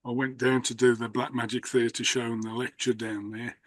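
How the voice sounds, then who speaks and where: A man's voice: mid-range voice, flat delivery, moderate pace, no room sound. A man hosting a conversation, telling rambling stories with many restarts. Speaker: host, magician. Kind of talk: casual conversation.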